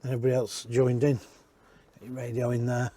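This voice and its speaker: A man's voice: medium pitch, monotone, quick pace, mellow, slight background noise. Chatty man touring caravans. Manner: chatty, rambling, corrects himself mid-sentence. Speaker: caravan industry reviewer. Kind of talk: casual walk-around tour. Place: inside caravans at a dealership.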